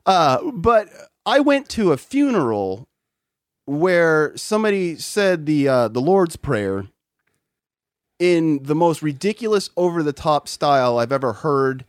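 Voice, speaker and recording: A man's voice: fairly high pitch, sing-song, a little slow, clean tone, no echo, clean studio sound. A man in casual chat, telling stories with lots of swearing and laughter. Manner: profane, laughing storyteller.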